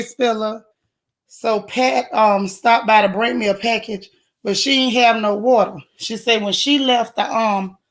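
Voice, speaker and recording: A woman hosting a casual morning livestream, chatting in a colloquial way and greeting viewers one by one by name. Her voice is a little hoarse as it recovers. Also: on the high side, a bit bright. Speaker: livestream host.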